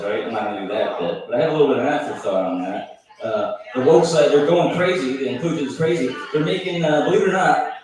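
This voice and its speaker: A man's voice: medium pitch, a little mellow. A man doing a stand-up set at an open mic, crude and offhand, doing crowd work and mocking his own jokes. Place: bar stage at an open mic. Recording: echoey room, taped from far off.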